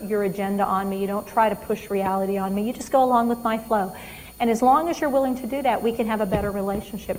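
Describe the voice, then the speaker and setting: A woman's voice: medium pitch, in a large hall, slight background noise, rough recording. A woman trainer giving a live talk on dementia care, emphatic and quizzing her audience.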